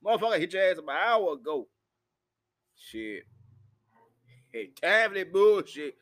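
A man's voice: high voice, very animated, measured pace, fairly bright tone. A man, rambling profanely through a live-stream monologue while intoxicated. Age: 40s. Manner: profane, rowdy, loose storytelling.

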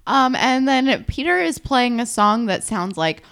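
A woman's voice: a little high, animated, measured pace, a bit bright, smooth. A woman co-hosting a casual podcast chat, talking expressively with lots of fillers and casual swearing. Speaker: podcast co-host. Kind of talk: casual chat recapping a TV episode.

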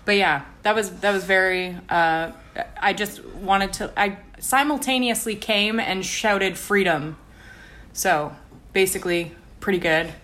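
A woman's voice: medium pitch, unhurried, a bit bright. A Canadian woman co-hosting a casual chat, blunt and enthusiastic, swearing freely. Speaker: podcast co-host.

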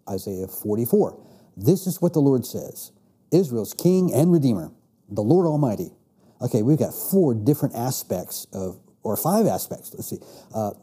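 A man's voice: mid-range voice, dark tone, husky. A man teaching a Bible class, reading verses aloud and explaining them with emphatic restarts. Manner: reads scripture then explains with emphatic restarts.

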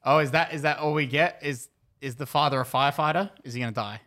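A man's voice: on the high side, quick pace, a bit bright. A man in casual movie commentary with friends, blurting reactions and swearing freely.

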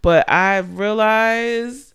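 Smooth-voiced chatty young woman podcaster. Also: medium pitch, drawn-out words. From Panama. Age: 20s. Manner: chatty, animated, lots of fillers. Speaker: podcast host. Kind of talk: casual rambling monologue.

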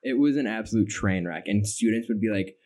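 A man's voice: fairly low pitch, brisk, darkish tone. A young man co-hosting a podcast in casual chat, rambling through stories and acting out his own reactions. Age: young adult. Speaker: podcast co-host.

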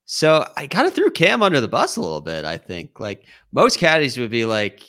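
A man's voice: medium pitch, wildly swooping pitch, moderate pace, a bit bright. A man co-hosting a casual golf-betting podcast, musing in a wry, easygoing way. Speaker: podcast co-host. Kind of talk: casual sports-betting chat.

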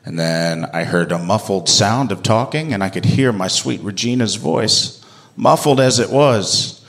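A man telling a personal story live, animated and comic, poking fun at himself. His voice sits a little on the low side, and his delivery swings between hushed build-up and lively punch lines. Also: unhurried, gravelly. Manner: animated, comic, self-mocking.

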